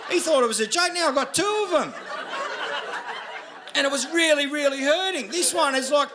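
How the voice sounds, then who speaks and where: A man's voice: extremely high pitch, bright, forceful tone. A man with an Australian accent doing a stand-up set on a club stage, crude and sarcastic as he chats with the crowd. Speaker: stand-up comedian. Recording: live club recording with audible laughter noise. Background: audience laughter.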